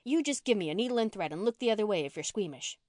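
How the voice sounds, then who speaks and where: A woman's voice: mid-range voice, expressive, racing, a little mellow, no room sound, clean studio sound, lightly acted. Woman reading a blunt, slangy runaway girl. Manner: slangy, folksy country speech. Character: rough-spoken runaway orphan girl, blunt and touchy.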